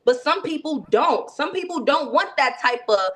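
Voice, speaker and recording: Brief: higher-pitched woman running a sales training, lively coaching tone with frequent check-ins. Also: moderate pace. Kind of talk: training session.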